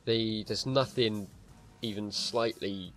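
A young man giving casual commentary on a strategy game, swearing freely and muttering to himself. His voice sits fairly low, and faint game music plays behind him. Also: steady tone, slow, fairly bright tone. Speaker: gaming channel host. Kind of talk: let's-play commentary.

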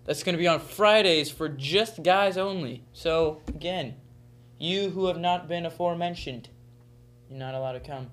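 A teenage boy hosts a church youth news bulletin in a goofy, joking way. He teases his co-hosts with deadpan put-downs between announcements. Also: fairly high pitch, normal speed. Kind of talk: jokey announcements.

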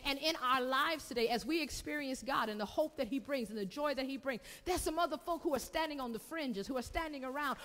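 A woman pastor preaching a sermon, repeating phrases and calling for responses from the congregation. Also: high-pitched. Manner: preaching with call-and-response and repetition. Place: church sanctuary. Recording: long reverb of a church hall.

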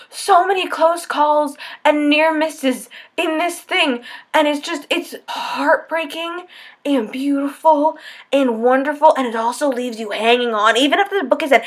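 A woman's voice: sits high, a bit bright. A young woman vlogging about a book she just finished, gushing and breathless, breaking into squeals and near-tears. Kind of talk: excited spoiler-filled book talk. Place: at home, lit by setting sun.

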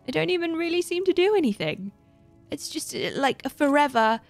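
This livestreaming gamer has a high-sitting, gravelly voice with big swings in pitch, and she talks briskly. She rambles to her chat in a playful, self-deprecating way while faint music plays underneath the gaming commentary.

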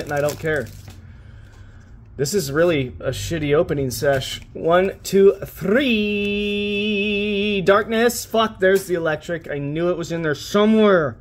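Brief: young male host, high voice, casual foul-mouthed card-opening commentary, faint background hiss. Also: a little fast. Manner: profane, wisecracking, frustrated. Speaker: pack-opening channel host.

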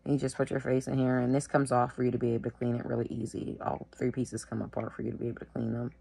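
A sick woman at home, wheezing and short of breath, talking casually to the camera in a tired, slow way. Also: extremely low pitch, monotone, creaky, dark tone, slightly rough. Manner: tired, slow, filler-heavy. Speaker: vlogger sharing her illness.

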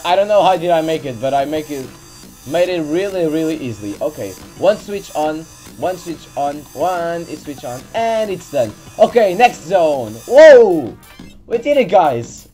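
A woman narrates her own gameplay in a low, mellow voice that leaps up and down in pitch. She talks slowly, scolding her character and swearing when it keeps dying. Faint game music plays behind her desk mic. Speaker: gaming channel host. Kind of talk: let's play commentary. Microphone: desk mic near keyboard.

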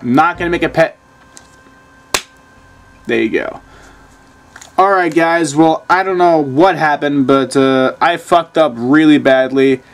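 A man's voice: on the high side, slow pace, long pauses. A man casually commenting on a video game he plays, reading screen text aloud, muttering and swearing often. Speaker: gaming channel host.

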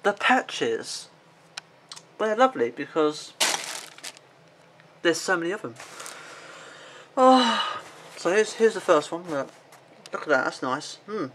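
A man's voice: high voice, big pitch swings, takes it slowly, long pauses, background noise. A man in his twenties with a rambling, filler-heavy way of talking, casually showing off an item in a home vlog and swearing at his pet now and then. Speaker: vlogger. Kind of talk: casual show-and-tell vlog.

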